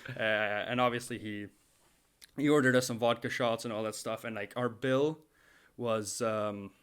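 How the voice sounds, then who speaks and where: A young man co-hosting a casual podcast, his voice sitting at an ordinary middle pitch. He tells a long story with lively energy, laughing often and restarting his sentences. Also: a little slow, clear, resonant tone. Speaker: podcast co-host.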